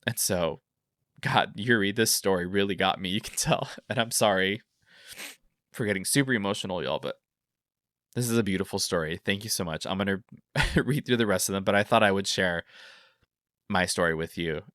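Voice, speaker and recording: A man's voice: low voice, normal speed, long pauses, a bit bright, no echo, clean studio sound. A man hosting a podcast, telling a story in a rambling way full of fillers, and reading out listener stories. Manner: rambling, filler-heavy, openly emotional. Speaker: podcast host.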